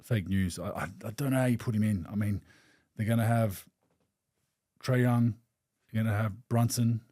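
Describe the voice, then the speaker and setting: Relaxed Australian man on a podcast. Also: fairly low pitch, normal speed, no echo, clean studio sound. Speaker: podcast host. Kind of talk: casual chat.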